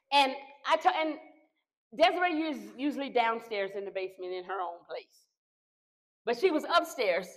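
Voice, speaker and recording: A middle-aged woman pastor preaching a sermon, building to shouted declarations and prayers. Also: a little high, rough recording.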